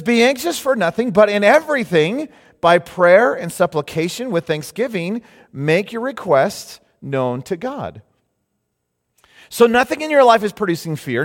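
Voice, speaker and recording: A man preaching a sermon as pastor, lively and animated, rising into loud mock cries of alarm now and then. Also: high-pitched. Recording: long hall reverb.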